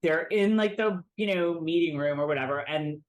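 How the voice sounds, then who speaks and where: A woman co-hosting a casual recap podcast, chatty and animated, with frequent restarts. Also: deep voice, moderate pace. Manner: lively, chatty, with frequent restarts and self-mocking impressions. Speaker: podcast co-host.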